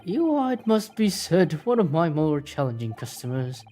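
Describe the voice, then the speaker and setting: A woman's voice: deep voice, big pitch swings, moderate pace, mellow, soft background music, pitched below the performer's own voice. A woman voicing a formal Victorian male pawnbroker in a game, stiff and haggling.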